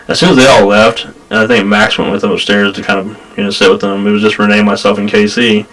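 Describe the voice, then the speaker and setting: A man hosting a paranormal show, telling a story in animated casual chat. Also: fairly low pitch, fast, few pauses, low-quality recording. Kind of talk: casual chat on a live stream.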